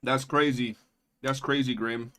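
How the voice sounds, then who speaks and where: Slangy New streamer guy, bright voice. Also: medium pitch, steady tone, a little slow, clean tone. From New York. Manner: loose, profane, slangy, keeps saying bro. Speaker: livestreamer. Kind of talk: casual chat with viewers.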